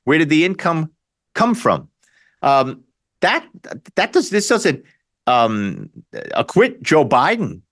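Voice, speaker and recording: A man with a slightly high voice hosts talk radio, speaking at a slow pace. His opinionated political monologue is animated and sarcastic, and he repeats himself and restarts often.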